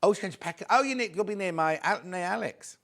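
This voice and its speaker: A man presenting on a shopping channel, chatting warmly with viewers and urging them again and again to check out. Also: high-pitched, fast, vocal fry. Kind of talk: live TV selling chat.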